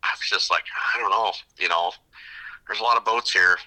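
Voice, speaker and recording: Middle-aged guy, fishing guide, rambles and restarts a lot, lowish voice with a real bright edge. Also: fairly quick, poor audio. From upper Midwest of the United States. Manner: rambling storyteller with many restarts. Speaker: fishing guide and podcast guest. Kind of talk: casual interview chat.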